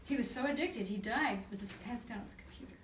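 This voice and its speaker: A woman counselor speaks to a church group, telling lively stories and acting out the voices of the people in them. Her voice sits a little high. She was recorded from a distance in an echoey room with faint background noise. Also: quick pace. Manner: animated storyteller, acts out voices and laughs often. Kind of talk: church talk to a live group.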